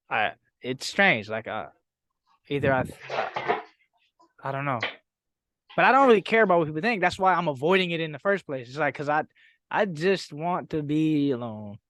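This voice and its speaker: A man talking casually as a podcast guest, halting and searching for words with casual slang. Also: medium pitch, fairly bright tone, dry recording, studio quality. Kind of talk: casual chat.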